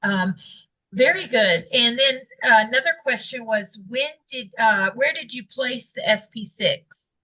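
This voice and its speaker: A woman asks follow-up questions on a call with a bright, forward voice pitched a little high. She keeps things brisk and upbeat, dropping in quick affirmations between questions. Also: animated, rough recording. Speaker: co-host interviewing. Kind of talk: interview on a group call.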